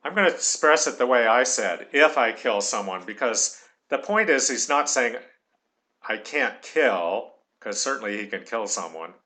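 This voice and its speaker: A man's voice: mid-range voice, expressive, normal speed, hardly any pauses, sharp tone. A man giving a recorded tutorial, thinking aloud as he works and dictating punctuation marks. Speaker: tutorial instructor.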